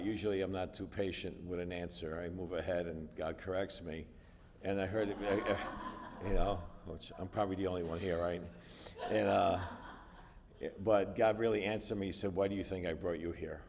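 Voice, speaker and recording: Low-voiced man preaching in a reverberant church. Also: fairly even intonation, moderate pace, darkish tone. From United States. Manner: storytelling, conversational with fillers. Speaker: guest speaker. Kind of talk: personal testimony sermon. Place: church sanctuary. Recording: distant reverberant church hall.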